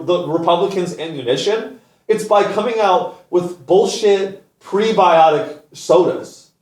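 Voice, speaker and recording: A man hosting a comedy show, delivering an exasperated, profane rant. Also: fairly high pitch. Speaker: comedian host. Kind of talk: ranting comedic monologue. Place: studio. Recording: echoey new studio, botched audio.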